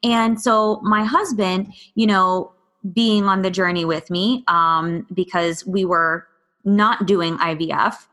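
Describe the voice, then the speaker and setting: A woman's voice: medium pitch, steady tone, takes it slowly, a bit bright. A woman, a podcast guest, speaking candidly and bluntly about her own hard experiences, swearing freely and quoting past conversations. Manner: raw, blunt, swears freely, quotes herself and others.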